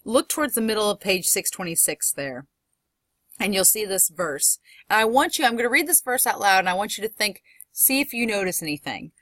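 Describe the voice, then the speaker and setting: A woman professor giving a recorded lecture, explaining step by step and reading poetry aloud slowly. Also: medium pitch, big pitch swings, fairly bright tone, no echo.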